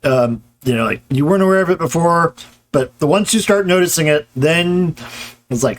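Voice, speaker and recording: A man's voice: a little high, animated, fairly quick. A man giving a live-streamed grammar lecture, talking casually with many fillers and restarts while answering chat.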